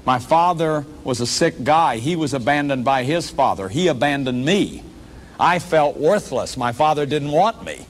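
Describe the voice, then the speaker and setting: A man's voice: on the high side, expressive, moderate pace. A man giving a public lecture as a workshop leader, earnest and emphatic, often repeating words as he restarts.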